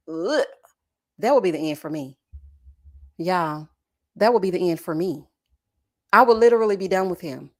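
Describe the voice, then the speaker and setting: A young adult woman hosting a casual reaction chat, reading viewer comments in a sassy, animated way and drawing out "child" and "honey". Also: mid-range voice.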